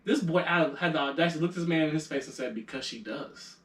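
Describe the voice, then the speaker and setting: A man's voice: fairly high pitch, steady tone, very fast, recorded from a distance. A man hosting a podcast, telling a story in casual chat, acting out quotes and laughing often. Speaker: podcast host. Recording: echoey room, a bit off mic.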